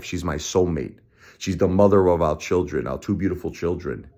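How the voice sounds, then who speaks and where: A middle-aged man vents to camera in a personal vlog. His voice sits low but leaps wildly in pitch, dropping to a mutter and rising to a shout. He talks with profane emphasis. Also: animated, measured pace. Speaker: vlogger. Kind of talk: angry personal vlog rant.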